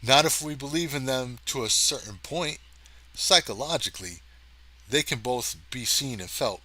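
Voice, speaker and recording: A man's voice: mid-range voice, lively intonation, normal speed, pushed and bright. A man voicing a determined male cameraman stranded in space, talking in an urgent, pressing way.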